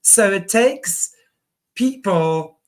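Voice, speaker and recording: A woman hosting a conversation, with a mid-pitched voice. She reflects aloud at a measured, thoughtful pace. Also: lively intonation. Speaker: host. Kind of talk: conversational interview.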